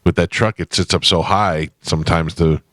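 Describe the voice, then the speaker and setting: A man's voice: low voice, fairly even intonation, normal speed, fairly bright tone, dry recording, studio quality. A man hosting a morning radio show, telling stories in blunt, wry casual banter. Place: radio studio. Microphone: studio microphone.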